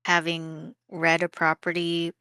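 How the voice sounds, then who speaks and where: Woman, giggly casual art-stream chat, bright voice, dry close room. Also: lowish voice, completely flat delivery, unhurried, smooth, dry recording. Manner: chatty, giggly, warm sign-off. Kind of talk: casual chat while drawing.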